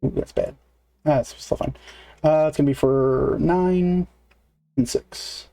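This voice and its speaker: A man's voice: a little high, measured pace, dark tone. A man narrating as game master in a casual, filler-heavy way, counting moves aloud.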